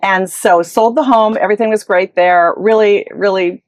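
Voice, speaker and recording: Brief: woman in her forties, real estate agent, lively storyteller who acts out dialogue, dry close sound. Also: mid-range voice, normal speed, no room sound. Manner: animated, acts out quoted dialogue. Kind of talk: interview storytelling.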